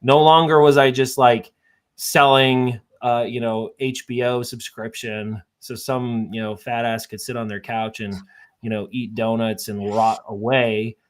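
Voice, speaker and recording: A man from southern Minnesota, a podcast guest telling stories in a chatty, animated way with lots of fillers. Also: mid-range voice, a little slow. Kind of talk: casual storytelling.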